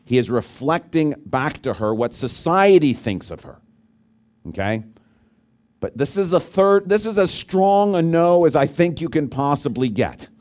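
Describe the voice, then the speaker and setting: A man preaching a sermon as pastor, talking conversationally and asking the congregation questions, swinging between loud emphasis and quiet low asides. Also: sing-song, a little slow.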